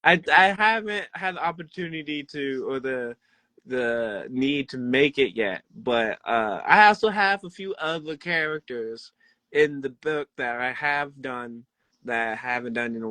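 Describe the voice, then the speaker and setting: A young man, a wrestler, telling backstage stories in a rambling, animated way and laughing often. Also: mid-range voice, no echo. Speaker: pro wrestler guest. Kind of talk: casual interview storytelling.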